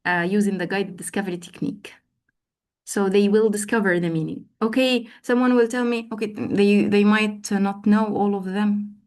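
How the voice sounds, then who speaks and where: A woman training teachers in an online class, prompting participants and repeating words for emphasis. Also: medium pitch. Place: online video call.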